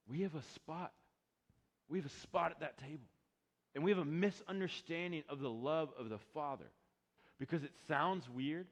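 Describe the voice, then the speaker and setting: A young adult man, a pastor, preaching a sermon and swinging between loud emphatic peaks and quiet low asides. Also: long reverb tail.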